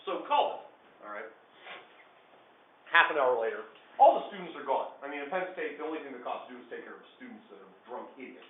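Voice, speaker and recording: Animated male storyteller, tinny and echoey. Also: mid-range voice, brisk, slight background noise. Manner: animated, with big swings between hushed and loud. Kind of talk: live personal storytelling to listeners. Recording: echoey room over a tinny phone-like line.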